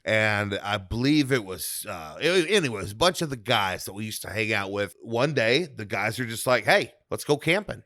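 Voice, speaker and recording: A man's voice: on the low side, lively intonation, moderate pace, hardly any pauses, a bit bright, no room sound, clean studio sound. A man podcast co-host, telling a story in easygoing casual chat. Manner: easygoing, laughs hard.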